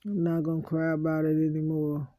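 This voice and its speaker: A woman in a personal vlog monologue, talking slowly with heavy pauses and repeating her hurt, aggrieved lines over and over. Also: low-pitched, monotone, dark tone, a little hiss or hum. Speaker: vlogger.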